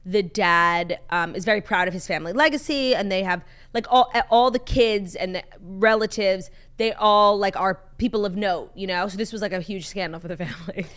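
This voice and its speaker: A young woman co-hosting a podcast speaks in a mid-range voice at a moderate pace with few pauses. Chatting casually, she tells gossipy stories in an animated style filled with "like"s.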